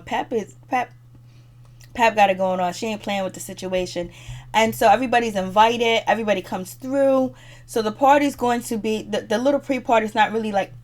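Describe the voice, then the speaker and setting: Chatty woman recapping a reality show. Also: mid-range voice. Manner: chatty, slangy, laughs often. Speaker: show reviewer. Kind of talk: casual episode recap.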